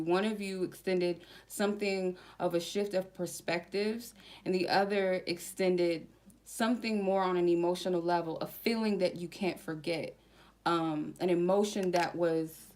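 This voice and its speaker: A woman giving a casual tarot reading to her viewers, chatty and slangy, slowly reading out card keywords one by one. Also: fairly low pitch, a little mellow. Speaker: tarot reader.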